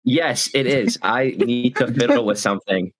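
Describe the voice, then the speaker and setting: A man co-hosting a podcast in casual chat, halting and full of fillers. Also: mid-range voice, soft background music. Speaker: podcast co-host.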